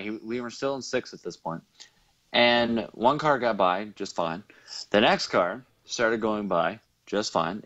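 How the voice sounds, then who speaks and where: A man with a fairly low voice chats casually as host, rambling through a race story with lots of ums, restarts and laughter. The audio sounds dull and lo-fi, like an older live stream. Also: fairly bright tone. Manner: rambling, laughs often, many fillers and restarts. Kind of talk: casual chat recounting a race.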